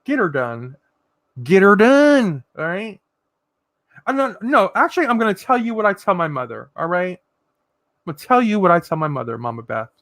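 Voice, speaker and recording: On a casual livestream, a male host reads viewers' comments aloud and gives sassy, profane pep talks. His voice sits high and runs a little fast, lively and swinging between loud and soft, with no room sound.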